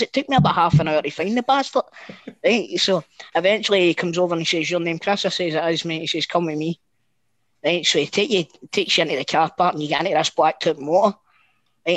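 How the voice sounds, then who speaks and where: A middle-aged Scottish man telling a long, animated story in casual chat, swearing freely and often restarting his sentences. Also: on the high side, no room sound, rough recording.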